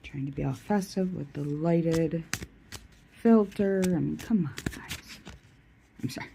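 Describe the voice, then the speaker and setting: A tired, yawning tarot reader chats casually on a live stream, shuffling cards, joking at her own expense and talking both to viewers and to herself. Her low, warm voice is a little slow with vocal fry and frequent pauses. The recording is rough, with a faint hiss or hum.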